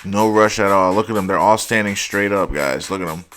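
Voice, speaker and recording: Low-voiced, exasperated young man. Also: a little fast, fairly bright tone, soft background music. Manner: exasperated, profane, heavy use of "like". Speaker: host. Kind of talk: casual football highlights reaction.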